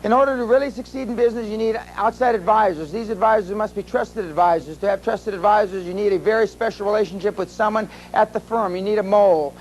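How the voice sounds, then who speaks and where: A man's voice: high voice, fast, few pauses, a little hiss or hum, poor audio. Blunt, profane older man speaking at a seminar. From USA. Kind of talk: live seminar talk.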